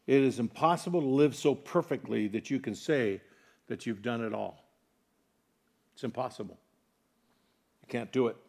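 A man's voice: mid-range voice, normal speed, vocal fry, long pauses. Earnest male preacher. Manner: earnest, asks the congregation questions, swings between loud and soft. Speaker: pastor. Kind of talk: sermon.

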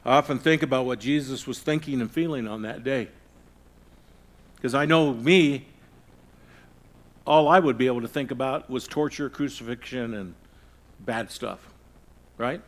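Middle-aged guy preaching, big loud bits then goes quiet and low. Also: moderate pace, long pauses. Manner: dramatic swings between loud emphasis and hushed low passages. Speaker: pastor. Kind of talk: sermon.

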